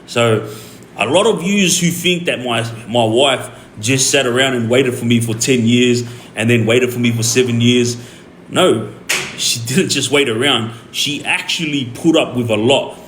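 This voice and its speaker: A young Australian man telling a story on his stream in a rambling, animated way, full of fillers and restarts. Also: mid-range voice, a little slow. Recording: echoey room with faint ambient noise.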